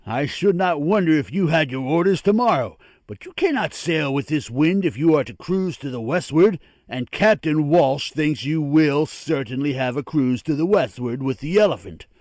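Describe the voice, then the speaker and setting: Man voicing boisterous older naval father, swearing, eager, high-ish voice, dry sound, audiobook drama. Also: expressive, normal speed, few pauses, a little mellow, dry recording, natural voice.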